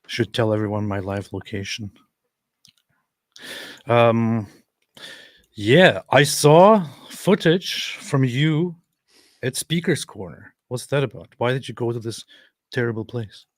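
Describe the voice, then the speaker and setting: A male host chatting casually in a measured, somewhat hesitant way. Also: medium pitch, expressive, dry recording. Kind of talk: casual chat.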